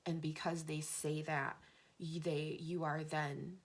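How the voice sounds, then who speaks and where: Creaky-voiced woman giving a tarot reading. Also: low voice, level tone, slow. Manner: gently rambling, emotional, at times tearful and laughing. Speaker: tarot card reader. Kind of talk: spiritual tarot reading to camera.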